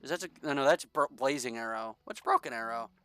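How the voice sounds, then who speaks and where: A man's voice: mid-range voice, brisk, sharp tone, smooth, no room sound. A man giving casual gameplay commentary, jokey and sarcastic, reading the game text aloud as he plays. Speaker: gaming streamer.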